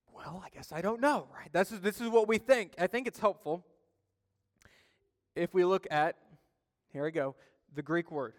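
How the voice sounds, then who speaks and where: Pastor guy preaching, kinda high voice, big echoey church hall, gets loud then goes quiet. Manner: animated storytelling, swings from loud emphasis to quiet asides. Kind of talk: sermon. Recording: long reverb of a church hall.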